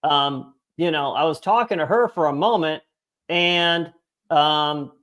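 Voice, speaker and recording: A young man co-hosts a sports podcast, his voice a little high and a bit bright as he takes his time. In casual chat he tells rambling, profane stories packed with fillers.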